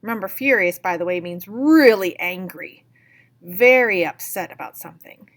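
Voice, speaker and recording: A woman's voice: medium pitch, normal speed. A woman teacher reading a picture book aloud and patiently explaining words step by step.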